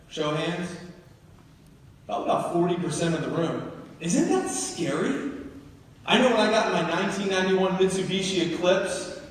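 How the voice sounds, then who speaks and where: A man from New Jersey giving a live motivational speech to an audience in a large hall. He tells personal stories with feeling and asks the crowd questions. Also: high voice. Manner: emotional storytelling, questions to the audience. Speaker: motivational speaker. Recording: echoey hall, from far off.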